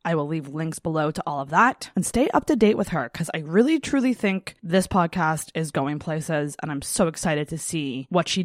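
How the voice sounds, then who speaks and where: A woman's voice: low-pitched, no echo. A woman hosting a podcast, reading plugs and then chatting and laughing easily with a guest in the studio. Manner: bubbly, giggly, lively intonation. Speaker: podcast host. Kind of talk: casual podcast chat. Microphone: studio mic.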